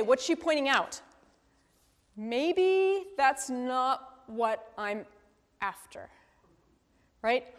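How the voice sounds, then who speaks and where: Woman teaching bible study, high voice, thinks out loud, lots of "right?", roomy hall echo. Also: animated, slow pace, pauses often. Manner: thinks aloud, asks questions, tags with "right?". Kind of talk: conversational scripture teaching. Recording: long reverb from a hall.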